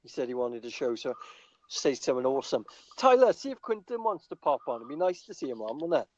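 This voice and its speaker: A man's voice: mid-range voice, very animated, quick pace, a little mellow, lo-fi sound. A man co-hosting a livestream in casual, joking, profanity-heavy banter. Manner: joking, swearing, laughing often. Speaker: livestream co-host.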